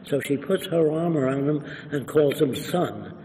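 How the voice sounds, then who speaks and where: A man's voice: a little high, normal speed, slight background noise. Older man telling stories in a reverberant hall. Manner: animated, acts out quoted voices. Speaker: interview guest. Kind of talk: anecdotal storytelling.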